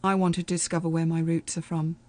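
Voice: medium pitch, level tone, brisk, a little mellow, dry recording. An interviewer asking supportive, summarizing questions with frequent fillers.

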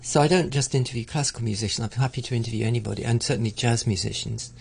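A man's voice: mid-range voice, fairly even intonation, rapid-fire, creaky, darkish tone, a little hiss or hum. A middle-aged man in a conversational interview, talking reflectively with frequent restarts and stammered repeats. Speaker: interviewee, arts broadcaster.

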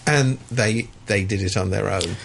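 A man's voice: fairly low pitch, a little slow, gravelly, a bit bright, slight background noise. A man living in Hong Kong giving opinionated political commentary in a sardonic, emphatic way, with many restarts. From Hong Kong resident. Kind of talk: opinionated discussion.

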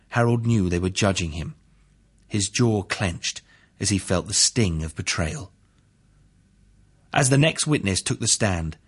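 A man narrating a courtroom story in a steady, even reading. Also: lowish voice, breathy edge.

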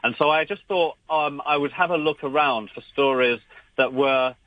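A man's voice: a little high, moderate pace. A man appearing as a regular radio guest, telling a story with many restarts. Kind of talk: radio chat. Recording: dry, dull remote line.

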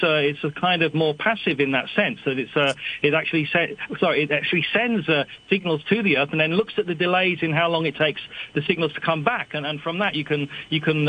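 A man's voice: a little high, muffled recording. An older man, a guest expert on a radio show, explaining at length over an old phone, digressive and self-deprecating. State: slightly hard of hearing.

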